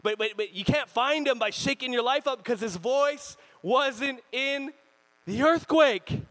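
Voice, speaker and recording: A man in his thirties preaching a sermon as pastor, animated and joking, sometimes acting out other people's voices. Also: extremely high pitch, measured pace, rough recording. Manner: animated, jokey, acts out voices and screams.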